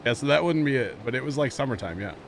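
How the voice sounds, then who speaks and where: A man in his thirties, a streamer chatting casually and telling rambling, animated stories full of fillers. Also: mid-range voice, fast. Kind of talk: casual chat while streaming a game. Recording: background noise.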